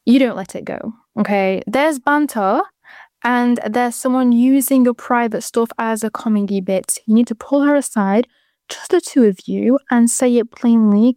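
A woman's voice: fairly high pitch, normal speed, mellow, no echo. Chatty young British woman, dry close sound. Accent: British English. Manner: chatty, frank, rambling asides. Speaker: host of an advice show. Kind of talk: casual advice chat to listeners.

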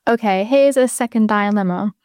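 A 22-year-old British woman hosts a casual advice show, talking frankly to listeners and drifting into rambling asides. Her medium-pitched voice has a darkish tone and moderate pace, captured in studio quality with no echo.

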